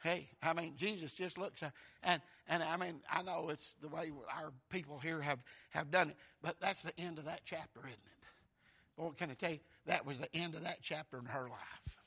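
A man, preaching a fervent sermon that keeps bursting into shouts. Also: on the high side, fairly even intonation, normal speed, breathy edge.

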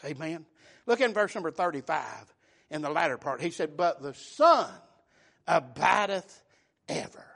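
Male preacher, high and ringing, call-and-response sermon delivery with shouted peaks.

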